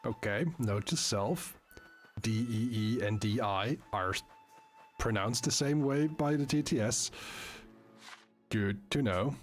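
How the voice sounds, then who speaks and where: A man's voice: medium pitch, takes it slowly, pauses often, faint music behind. A man streaming a game live, chatting casually with viewers in a rambling way, full of fillers and restarts.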